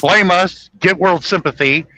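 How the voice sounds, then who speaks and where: A man's voice: high-pitched, unhurried, bright, forceful tone, pitched above the performer's own voice, low-quality recording. A man putting on a blustering male army general while retelling a movie scene. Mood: indignant.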